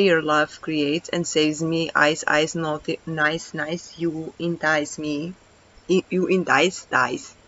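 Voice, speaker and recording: A woman hosting a reaction video who reads translated lyrics aloud and then comments casually. She stumbles, restarts words and fills her talk with "like.". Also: lowish voice. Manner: halting, stumbles and restarts words, many "like" fillers. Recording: dull lo-fi recording.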